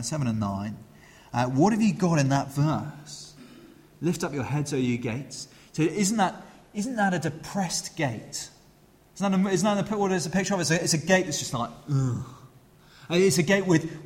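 A middle-aged man preaching a sermon in a church, his voice carried by the long reverb of a large hall. He hesitates often, filling gaps with "uh" and restarting phrases, then grows animated when he acts out a crowd. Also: mid-range voice.

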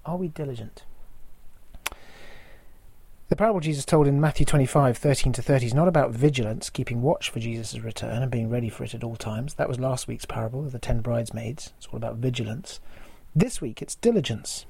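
A man, preaching a sermon in a measured way and posing rhetorical questions to the listeners. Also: mid-range voice, creaky, dark tone, breathy edge, no echo. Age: 40s.

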